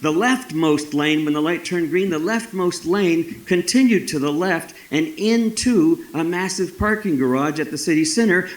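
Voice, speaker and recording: A man's voice: high-pitched, roomy sound, low-quality recording. A man in his sixties from Texas, telling a story live at a festival in a folksy, dramatic way with wry asides. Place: festival stage.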